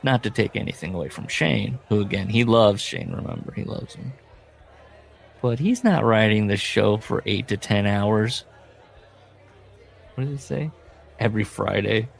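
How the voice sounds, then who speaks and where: Gravelly low-voiced man, rambling podcast chat. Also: expressive, moderate pace, long pauses, some chatter behind. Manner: rambling, storytelling, laughs often. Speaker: podcast co-host. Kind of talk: casual comedic chat.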